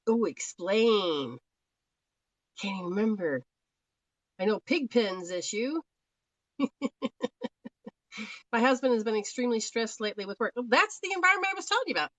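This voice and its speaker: A woman's voice: fairly high pitch, expressive, moderate pace, pauses often, fairly bright tone, no echo, rough recording. A woman from Australia giving live spiritual readings in a chatty, rambling way, laughing often. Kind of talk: live-stream talk.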